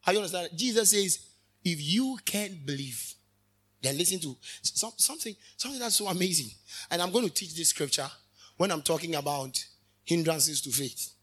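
A man preaching a sermon as a minister, fervent, with sudden loud rises and quick asides. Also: fairly high pitch, slightly rough.

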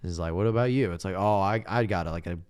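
A man's voice: quick pace, smooth. A man in casual podcast chat, retelling a movie scene by scene and acting out the characters' lines in exaggerated voices. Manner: animated, acts out characters with big pitch jumps.

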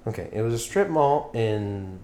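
A man's voice: on the low side, expressive, moderate pace, mellow, slight background noise. A young man from Pennsylvania hosting a podcast, chatting casually, rambling, swearing and losing his train of thought. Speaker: podcast host. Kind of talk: casual chat.

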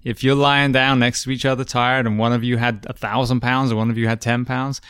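A man's voice: mid-range voice, flat delivery, brisk, a bit bright, clear, resonant tone, no echo, studio quality. A man hosting a podcast in casual conversation, easygoing, with blunt humor and a coaching background. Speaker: podcast host, former CrossFit coach.

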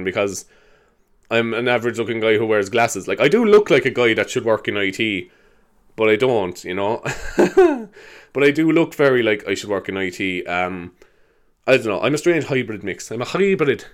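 A young Irish man in his twenties talking on his own podcast in a loose, wandering way. His voice sits a little low. He swears freely, laughs at his own tangents and fills his talk with "like" and "you know.". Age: 20s. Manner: rambling, sweary, quick to laugh, with many fillers. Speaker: podcast host. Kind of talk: casual rambling monologue.

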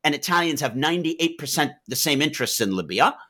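A man being interviewed about his book, with a high-ish voice and a bright, forceful edge. He talks in a lively, swooping way and keeps wandering into anecdotes as he explains. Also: fast talker. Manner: animated, anecdotal, digressive. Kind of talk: explaining and telling stories in an interview.

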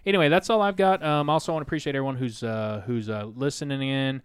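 A man co-hosting a casual podcast in an Oklahoma drawl, easygoing and quick with crude jokes. His voice is smooth and clear. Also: mid-range voice, dry recording. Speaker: podcast co-host.

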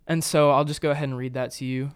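A man talks through scripture in an earnest, explanatory way on a casual podcast. His voice is smooth and clear. The recording is dry and close, with no room sound. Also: medium pitch, steady tone, quick pace, no echo. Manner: earnest, explanatory, with frequent fillers. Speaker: podcast co-host. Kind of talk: casual Bible discussion.

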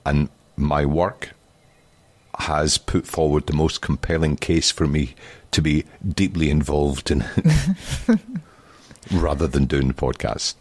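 A Scottish man co-hosting a podcast, his voice very deep and a little husky, with a lively, swinging pitch. He jokes in a deadpan way and rambles into roundabout explanations. The sound is dry and close, with faint music. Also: takes it slowly, long pauses, no echo. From Scotland. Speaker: podcast co-host. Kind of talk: casual chat. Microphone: handheld microphone.

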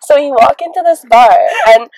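A woman's voice: high voice, moderate pace, darkish tone, no echo, rough recording. A young woman co-hosting a podcast, telling gossipy stories in casual chat, acting out quotes and laughing often. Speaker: podcast co-host.

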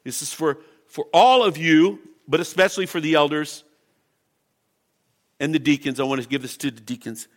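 A man's voice: fairly high pitch, moderate pace. A man preaching a sermon as pastor, impassioned and emphatic, reading scripture and pressing his points.

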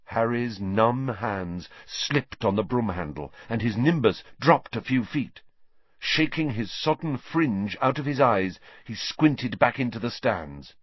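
A man's voice: mid-range voice, lively intonation, slow pace, husky, no room sound. A man narrating a storybook audiobook dramatically, shifting his pace with the action. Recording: dull dry lo-fi sound.

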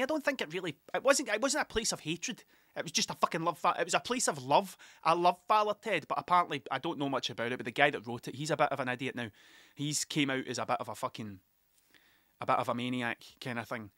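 A man's voice: a little high, expressive, quick pace, sharp tone, no echo, studio quality. A young Scottish man hosting a solo podcast, rambling casually from topic to topic and swearing freely. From Scotland. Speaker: podcast host.

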